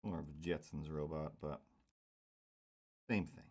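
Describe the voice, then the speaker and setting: A man's voice: rumbling low, fairly even intonation, measured pace, a little mellow. A man casually thinking aloud as he draws cartoons, rambling with lots of fillers. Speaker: cartoonist drawing on stream. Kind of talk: casual running commentary while drawing.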